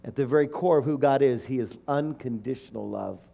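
A middle-aged male preacher delivering a heartfelt sermon. His voice is warm and mellow, and his pitch sits mid-range. He speaks with emotional emphasis and builds to fervent declarations. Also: fairly quick, gravelly. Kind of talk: sermon with personal story.

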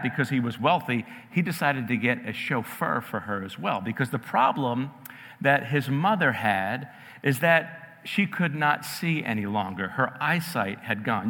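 Animated man storytelling in a reverberant hall. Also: medium pitch. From New York area, raised in New Jersey. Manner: animated, conversational, addresses audience directly. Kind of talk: storytelling in a sermon. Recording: long reverb in a large hall.

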